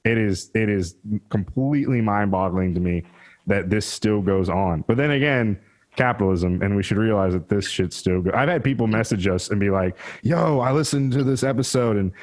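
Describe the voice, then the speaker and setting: A Southern man hosting a casual political podcast, his voice sitting a little low. He rambles and swears freely, circling back on his words as he gets worked up. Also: normal speed. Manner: rambling, profane, animated. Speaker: podcast host.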